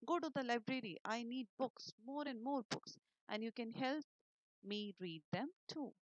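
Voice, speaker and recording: A shrill, squeaky little male elf who nags and demands help, put on by a woman with an Indian English accent. His lines come high and loud in a dry, close sound, bossy and pushy as if he can't manage alone. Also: unhurried, no room sound, highs cut off, natural voice. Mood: demanding.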